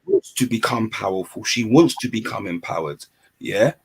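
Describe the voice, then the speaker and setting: A man's voice: fairly low pitch, normal speed, slightly rough. A man in casual podcast chat, talking earnestly and emphatically, often repeating himself.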